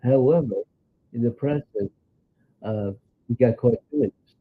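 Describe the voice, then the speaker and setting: A man in his nineties with a New York accent, telling rambling stories in a halting way with many filler sounds. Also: medium pitch, slightly rough. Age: 90s. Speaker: interview guest, grandfather. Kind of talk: casual storytelling chat. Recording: tinny phone-like sound.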